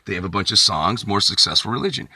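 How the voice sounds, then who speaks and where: A man's voice: lowish voice, fast talker, bright, forceful tone, slightly rough, no echo. A man vlogging, telling a rambling, profane comic story with frequent asides.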